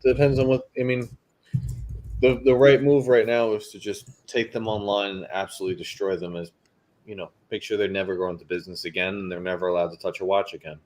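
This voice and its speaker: A man co-hosting a casual chat, talking in a measured, explanatory way. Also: fairly low pitch, level tone, darkish tone.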